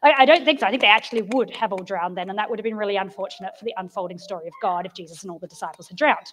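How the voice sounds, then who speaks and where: A woman giving an informal, chatty sermon, telling stories with gentle humour. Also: medium pitch, very fast, a little hiss or hum. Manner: chatty and storytelling, with soft self-deprecating humour. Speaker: preacher.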